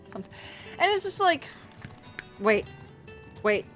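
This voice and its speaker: A woman's voice: high-pitched, sing-song, takes it slowly, a bit bright, faint music behind. Rambling, swearing woman streamer. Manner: rambling, profane, restarts sentences. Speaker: game streamer. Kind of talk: casual livestream chat while playing.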